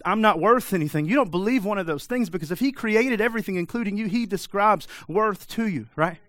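A man's voice: high-pitched, a little fast, dry recording. A man preaching a sermon, pressing his listeners with repeated rhetorical questions in a direct, urgent manner. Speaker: pastor.

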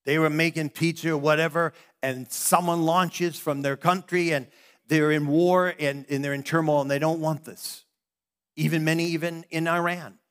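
A man's voice: fairly high pitch, a bit bright. A middle-aged man, a pastor, preaching a sermon in a conversational way, often stopping and restarting his sentences.

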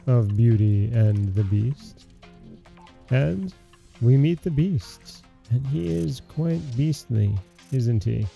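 A man hosting a folktale podcast, reading a fairy tale aloud in a measured, gentle storytelling way. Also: mid-range voice, creaky. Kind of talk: scripted narration.

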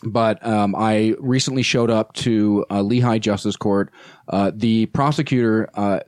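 A man who is a nonprofit spokesperson, telling an animated story as a podcast guest with many fillers and restarts. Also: on the low side, measured pace, smooth, dry recording, clean studio sound.

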